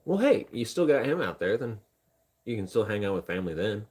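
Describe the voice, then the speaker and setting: A man's voice: fairly low pitch, very animated, a little fast, darkish tone, breathy edge. A young man from Indiana chatting casually on a live stream, rambling and joking at himself while talking to chat and his dog. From Indiana, USA. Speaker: livestreamer.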